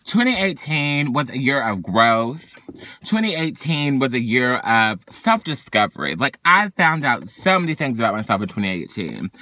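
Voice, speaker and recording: A man's voice: mid-range voice, no room sound. Sassy, dramatic young man venting in a car. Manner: sassy, dramatic, swings from loud outbursts to weary sighs. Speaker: vlogger. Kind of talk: venting monologue to camera. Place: parked car.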